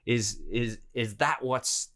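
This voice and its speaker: Male podcast host, mid pitch, rambling and swearing, casual chat. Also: takes it slowly, bright, forceful tone. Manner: rambling, searching for words, swearing. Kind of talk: casual conversation.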